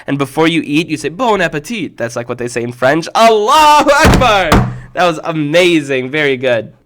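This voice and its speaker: Excitable man hosting, a bit high. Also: background noise. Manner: enthusiastic, exclaiming, repeats punchlines slowly. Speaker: host of a kids' show. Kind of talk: casual live chat reacting to viewers' jokes.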